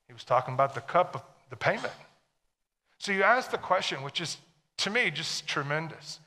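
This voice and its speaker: Man, pastor preaching, sharp bright voice, slightly high, reverberant hall. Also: big pitch swings, moderate pace. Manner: emphatic, asks the congregation questions. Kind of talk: sermon.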